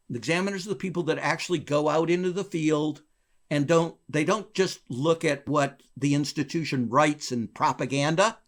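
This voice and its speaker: A man being interviewed, a former bank regulator telling a long story in a lively, chuckling way with wide swings in his voice. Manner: animated, wide pitch swings, chuckles between phrases.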